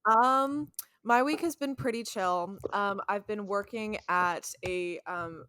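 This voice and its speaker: A young woman, a podcast co-host, chatting casually and telling a work story in an animated way. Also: medium pitch, takes it slowly, clean tone. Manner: animated storyteller, acts out quoted voices.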